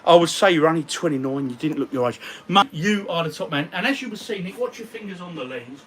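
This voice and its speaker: A man's voice: fairly high pitch, animated, quick pace, fairly bright tone. A man, chatting casually on a livestream from his home games room and reading out viewer comments in a matey way. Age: 40s. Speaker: retro gaming vlogger. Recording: distant mic with faint ambient noise.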